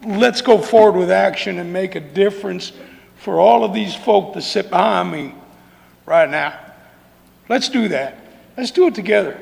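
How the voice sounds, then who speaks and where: A man's voice: high voice, creaky. A man, giving an emotional public comment at a council meeting, folksy and repeating himself. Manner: emotional, folksy, repeats phrases, says y'all. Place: council chamber. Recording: long hall reverb.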